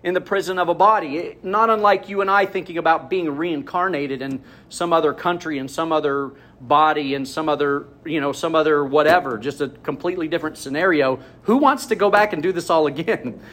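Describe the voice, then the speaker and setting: A man's voice: on the high side, fairly quick, a bit bright. A man preaching a sermon, telling a family story in a conversational way, with asides to the congregation. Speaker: pastor.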